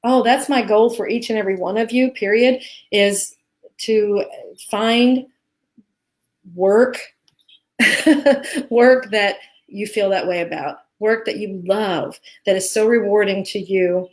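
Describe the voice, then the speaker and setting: A woman's voice: medium pitch, slow pace. A woman co-hosting a live Q&A, talking in an earnest, heartfelt way with many restarts. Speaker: co-host, teacher. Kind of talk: live Q&A chat.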